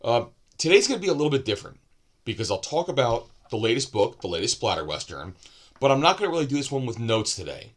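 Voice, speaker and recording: A man's voice: mid-range voice, big pitch swings, quick pace. A man giving a casual, unscripted book review, loose and rambling with asides and self-corrections.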